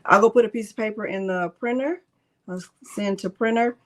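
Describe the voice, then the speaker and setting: A woman's voice: mid-range voice, fairly quick. Woman host of a live craft stream: casual, chatty, talks through each step, answers chat. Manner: chatty, narrates her clicks aloud and answers live chat; talks to herself under her breath at times.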